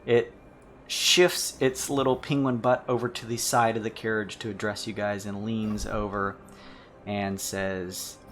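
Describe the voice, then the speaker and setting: A man's voice: on the low side, level tone, measured pace, fairly bright tone. A man narrating a tabletop role-playing game as game master, describing scenes with frequent restarts.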